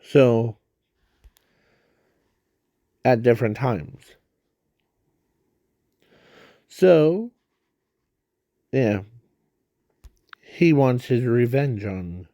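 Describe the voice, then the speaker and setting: A man rambles through his idea at a very slow, halting pace, stopping and restarting often. His voice is dark and mellow, and he is breathing hard. The recording is dry and close, with no room sound. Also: mid-range voice, lively intonation, dry recording. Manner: halting, many fillers and restarts. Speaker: fan video creator. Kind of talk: casual rambling explanation.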